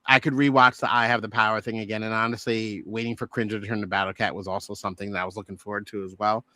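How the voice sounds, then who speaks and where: A man's voice: fairly low pitch, level tone, rapid-fire, sharp tone. A middle-aged man co-hosting a podcast, enthusiastically recounting favorite movie moments. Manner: enthusiastic, acts out lines and laughs. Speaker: podcast co-host. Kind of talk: casual movie review chat.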